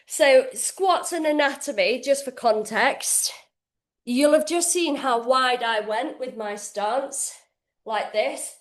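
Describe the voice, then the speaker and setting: A woman's voice: sits high, slow, echoey room. A woman fitness coach demonstrating exercises in her kitchen, talking casually and swearing freely while out of breath. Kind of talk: live online workout demonstration. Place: home kitchen, indoors.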